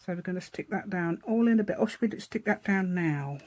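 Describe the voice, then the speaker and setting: A lowish, darkish voice that is animated and fairly quick belongs to this craft channel host from the East Midlands of England. Thinking aloud as she works, she chats and rambles through a paper craft project step by step in a casual tutorial.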